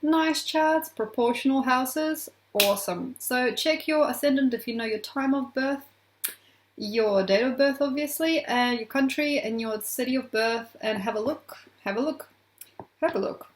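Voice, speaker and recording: Playful high-voiced woman astrologer. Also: unhurried. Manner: playful, affectionate, teasing, laughs often. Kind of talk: casual astrology vlog to camera. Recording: echoey room.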